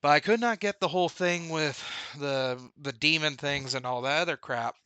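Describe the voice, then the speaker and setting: A man's voice: a little high, moderate pace, sharp tone, clean tone, no echo. A man in a candid, rambling personal video update about a dream and his grief. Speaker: vlogger.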